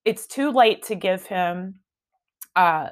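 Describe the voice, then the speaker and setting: A woman voicing a calm male emergency room doctor who explains slowly with hesitations. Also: high voice. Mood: explaining. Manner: slow, measured, hesitant explaining.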